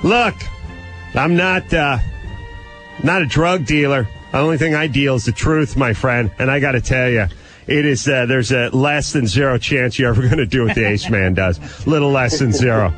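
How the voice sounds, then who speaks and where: A man's voice: medium pitch, moderate pace, a bit bright, soft background music, lightly acted. A man playing a pompous, blunt male radio advice host who boasts that he tells it how it is and rattles off long lists of what he is not. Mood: blustering. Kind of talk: comedy character bit with callers.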